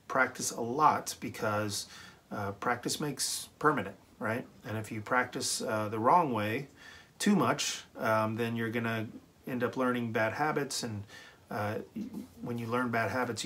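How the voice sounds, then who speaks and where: A man giving a relaxed, encouraging snare drum lesson, with many ums and okays. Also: mid-range voice. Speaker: drum teacher. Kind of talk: casual instructional talk.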